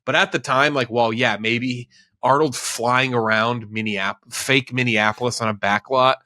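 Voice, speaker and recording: A man's voice: medium pitch, steady tone, unhurried, pushed and bright. A man co-hosting a casual movie podcast, rambling and often restarting his sentences. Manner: rambling, self-correcting, laughs often. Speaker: podcast co-host.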